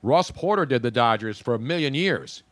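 A man's voice: medium pitch, animated, moderate pace, dry recording. A man hosting a sports podcast, opinionated and talking in long runs of casual chat. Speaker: podcast host.

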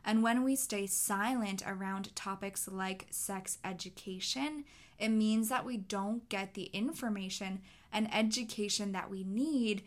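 A woman's voice: mid-range voice, measured pace. A young adult woman hosting a solo podcast, talking in an earnest, encouraging way and acting out quotes. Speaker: podcast host.

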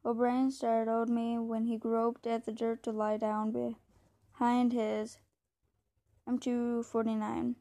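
A woman reading a novel aloud in steady first-person narration. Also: a little high, rough recording. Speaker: book reader.

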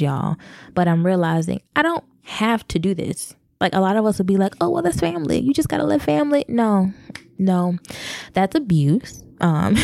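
Brief: thirties woman, candid self-help vlogger, warm low voice, talks straight to viewers. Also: no echo, clean studio sound. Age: 30s. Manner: candid, confessional, addresses viewers as y'all. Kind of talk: candid personal vlog.

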